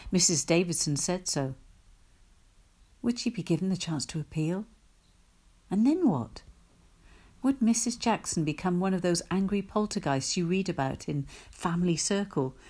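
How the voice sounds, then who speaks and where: A woman reading a first-person story aloud in a wry, measured storytelling manner. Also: lowish voice, a little mellow. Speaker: reader. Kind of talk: audiobook narration.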